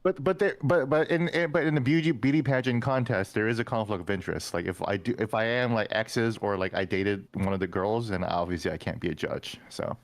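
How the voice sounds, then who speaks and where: A man chatting as a podcast guest, telling candid stories with lots of halting restarts and playful acted-out quotes. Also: on the low side, no echo. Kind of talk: casual chat.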